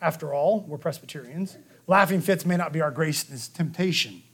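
A man preaching a sermon, telling the story lively and acting out the quotes, with a frequent "okay?" to the room. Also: on the high side, normal speed, husky. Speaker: pastor.

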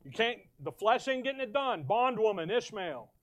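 A middle-aged man preaching a verse-by-verse sermon, swinging between loud emphasis and quiet asides. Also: high-pitched, big pitch swings, normal speed, dry recording.

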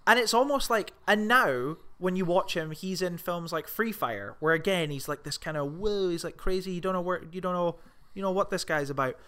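A man co-hosting a casual film chat, tumbling through his thoughts with restarts and frequent swearing. His voice is bright and smooth, sitting a touch higher than most men's. He gets animated and excitable as he talks. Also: fairly quick. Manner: rambling, swears often, excitable. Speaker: podcast co-host.

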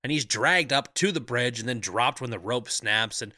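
A man's voice: medium pitch, normal speed, bright, forceful tone, no room sound, studio quality. A man co-hosting a podcast, casually recapping a movie plot and laughing often. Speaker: podcast co-host.

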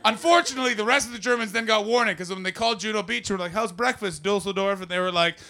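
A man from Canada doing brash, profane stand-up crowd work, often jumping into loud shouted voices. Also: high voice, very fast. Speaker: stand-up comedian. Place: comedy club with audience.

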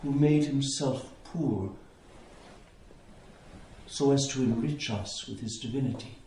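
A man preaching a sermon as a priest, in a slow, contemplative way with long pauses. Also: mid-range voice, warm tone, slight background noise. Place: church. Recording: echoey church interior.

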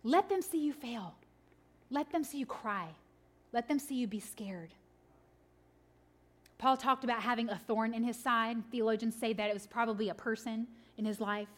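A woman, preaching a sermon to mothers, swinging from laughing, animated stories to quiet, earnest points. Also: on the high side, normal speed, long pauses.

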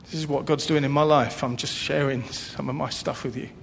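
A man preaching a sermon in an earnest way, repeating phrases and swinging between loud emphasis and hushed, soft passages. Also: fairly even intonation, a little fast, gravelly. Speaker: pastor. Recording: long hall reverb with faint low rumble.

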